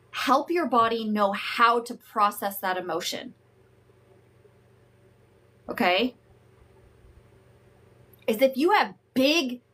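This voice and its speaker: Frank, unhurried woman coach. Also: fairly high pitch. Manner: frank, emphatic, profane, greets viewers warmly. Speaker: host and emotional wellness coach. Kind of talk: live-streamed teaching talk.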